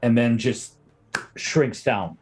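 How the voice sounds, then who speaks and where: A man narrating a tabletop game as its game master. He talks in a relaxed way and patiently explains the rules between stretches of scene-setting. His voice sits at an ordinary middle pitch. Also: slow, a little hiss or hum.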